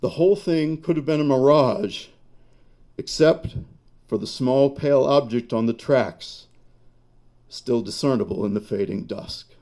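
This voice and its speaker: A man reading his own fiction aloud at a bar reading event, slow and measured. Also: mid-range voice, dark tone.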